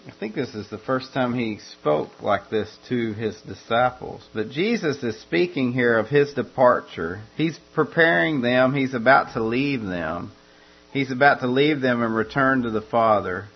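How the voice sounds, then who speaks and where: A man preaching an expository sermon as a pastor, speaking in a measured way, repeating phrases and restarting often. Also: mid-range voice, lively intonation, slightly rough. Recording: dull lo-fi recording with mains hum.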